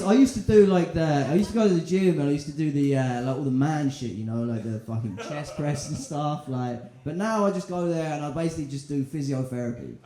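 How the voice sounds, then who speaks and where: Young male stand-up, casual and crude, slightly high voice, live club sound with echo. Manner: chatty, loose, crude, lots of fillers. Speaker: stand-up comedian. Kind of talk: stand-up set. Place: comedy club in front of a live audience. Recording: echoey club room with audience laughter.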